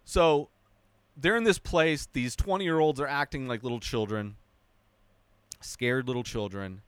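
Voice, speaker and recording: A young man hosting a casual spoken movie review, animated and mocking, now and then dropping into a high whiny voice to mimic characters. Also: unhurried, smooth, no echo.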